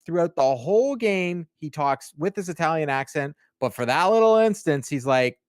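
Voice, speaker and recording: Excitable man chatting on a podcast. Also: on the high side, normal speed, smooth, no echo, clean studio sound. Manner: animated, stumbling restarts. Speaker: podcast co-host. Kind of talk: casual podcast chat.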